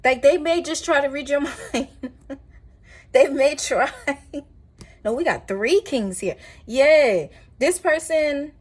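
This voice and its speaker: A woman doing a casual tarot reading, talking in a chatty, rambling way with animated asides. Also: high voice, slow, long pauses. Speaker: tarot reader.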